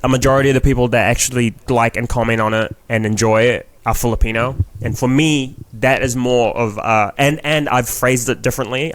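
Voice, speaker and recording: A young man with a New Zealand accent, a comedian guest on a podcast, talking frankly and rambling, swearing freely in casual chat. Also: medium pitch.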